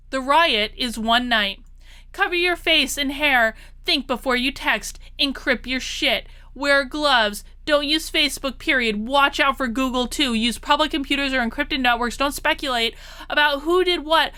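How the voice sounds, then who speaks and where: A political commentary vlogger speaks to her audience directly in a high, pushed, bright voice. Her casual monologue sounds exasperated, and she repeats herself for emphasis.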